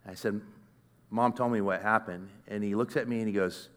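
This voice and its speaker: A middle-aged man giving a sermon, telling a personal story in a conversational, earnest way that swings from loud to hushed. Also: lowish voice, steady tone, moderate pace. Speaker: conference speaker.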